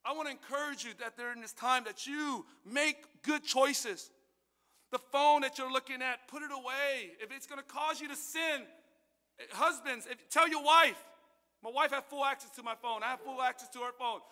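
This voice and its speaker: A man with a very high, bright and piercing voice preaches to his church. His tone is smooth and clear, and a long echo hangs behind him in the hall. He tells his story with animated swings, from hushed asides to loud bursts. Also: normal speed. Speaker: pastor. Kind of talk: sermon with personal testimony.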